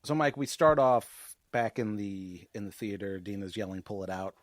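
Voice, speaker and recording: Low-voiced wry podcast host. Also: male voice, moderate pace. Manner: wry, teasing. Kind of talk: casual chat, recapping an episode.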